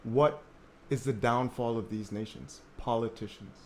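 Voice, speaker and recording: Animated man telling a story on a panel. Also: medium pitch, unhurried. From Jamaica. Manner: animated storytelling, repeats words when searching. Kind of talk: panel discussion.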